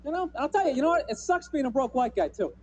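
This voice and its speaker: Male comic, high voice with a mellow tone, loose rambling stand-up delivery. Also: lively intonation, fast talker. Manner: loose, rambling delivery full of "you know" and "man". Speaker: stand-up comedian. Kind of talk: stand-up routine.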